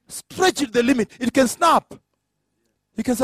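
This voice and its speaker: A man's voice: very high voice, animated, normal speed, a bit bright, husky, no echo. A man preaching a sermon, emphatic, with rhetorical questions and acted-out dialogue.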